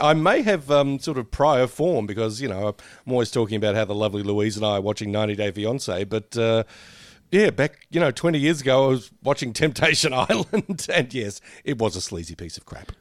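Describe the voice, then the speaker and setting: A man co-hosting a podcast in easy, chatty banter. His pitch swings widely as he jokes and laughs at himself, and his voice sits close and dry on the mic. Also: a little fast, no room sound. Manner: laughs often, lively, self-deprecating. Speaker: podcast co-host. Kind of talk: casual podcast chat.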